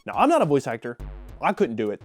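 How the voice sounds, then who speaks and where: A man's voice: mid-range voice, huge pitch swings, fast, faint music behind. A man giving a casual, jokey game review, rambling and cutting himself off. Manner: rambling, jokey, self-interrupting.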